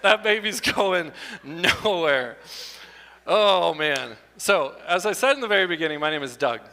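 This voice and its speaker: A middle-aged man doing stand-up comedy with slides at a church show, animated and breaking into loud exclamations. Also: high-pitched, measured pace. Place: church hall before an audience. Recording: long hall reverb.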